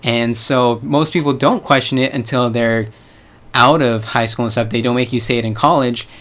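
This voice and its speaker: A man's voice: mid-range voice, steady tone, normal speed, a bit bright. A young man from the United States talking casually to his viewers, rambling with hedges and slang. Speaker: vlogger. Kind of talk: casual vlog monologue.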